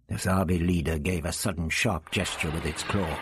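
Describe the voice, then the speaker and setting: A man narrating an audiobook in a dramatic, measured storytelling manner. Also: low-pitched, fairly even intonation, breathy edge, dry recording, clean studio sound.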